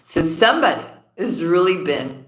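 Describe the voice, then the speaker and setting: A woman's voice: fairly low pitch, a bit bright. A woman giving a casual tarot reading, laughing often and repeating her phrases. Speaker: tarot card reader. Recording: roomy echoey room.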